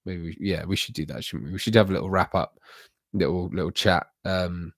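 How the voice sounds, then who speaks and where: Low-voiced rambling male streamer. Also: a little fast, a bit bright, dry recording, studio quality. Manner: rambling, chatty, self-deprecating. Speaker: livestream host. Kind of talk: casual livestream chat with viewers.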